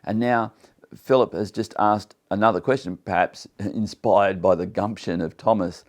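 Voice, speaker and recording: Leading a Bible study at a normal speed, this teacher speaks in a very deep, low voice. He reads passages out loud before unpacking them in his own terms, earnest and emphatic throughout, occasionally tripping over his words and restarting to drive a point home.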